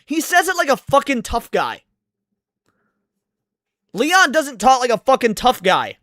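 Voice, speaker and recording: A man's voice: extremely high pitch, wildly swooping pitch, unhurried, bright, forceful tone, slight background noise. A man ranting with heavy swearing as a streamer reacting to a video. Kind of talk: profane reaction commentary.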